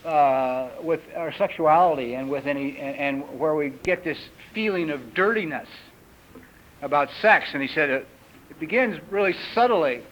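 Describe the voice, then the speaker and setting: A man in his fifties, a recovery meeting speaker, gives a personal talk full of lively storytelling and acted-out characters, on an old 1980s tape recording. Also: fairly high pitch, normal speed. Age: 50s. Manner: lively storyteller who acts out characters in raised voices. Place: retreat meeting hall. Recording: dull lo-fi 1980s tape recording with faint hiss.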